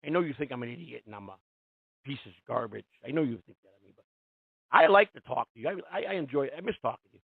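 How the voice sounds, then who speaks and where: A man's voice: mid-range voice, lively intonation, quick pace, creaky, breathy edge, dry recording. Profane rambling man on a tinny line. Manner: profane, rambling and heated, with many restarts. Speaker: radio show host. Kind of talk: casual call-in radio talk. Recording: tinny, dry phone-line sound.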